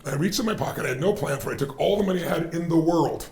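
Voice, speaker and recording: A man with a gravelly edge and a slightly higher voice than most men, speaking emphatically and stacking repeated phrases. He is heard in a roomy, echoey space that gives his words a lingering tail. He tells stories in an animated, conversational way. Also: very fast. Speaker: podcast guest. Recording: roomy echo.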